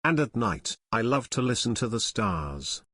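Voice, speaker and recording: A man's voice: medium pitch, measured pace, slightly rough, no room sound, clean studio sound. Man reading a simple storybook. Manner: plain, even wording with short sentences. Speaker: audiobook narrator.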